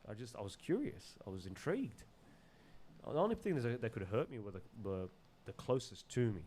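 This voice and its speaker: Casual male podcast guest, mid-pitched, animated, slangy storyteller. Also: a little fast, a little hiss or hum. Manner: animated, loose with slang and swearing, laughs often.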